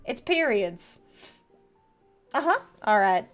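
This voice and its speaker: A woman's voice: mid-range voice, sing-song, takes it slowly, faint music behind. A woman streamer in casual live chat, giving tarot card readings to viewers in a playful, teasing way. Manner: playful, chatty, reads viewer messages aloud and teases.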